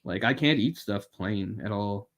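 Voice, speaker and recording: A man's voice: fairly low pitch, a little slow, a bit bright. A man co-hosting a podcast, chatting casually and wryly about a film, rambling and swearing now and then. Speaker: podcast co-host.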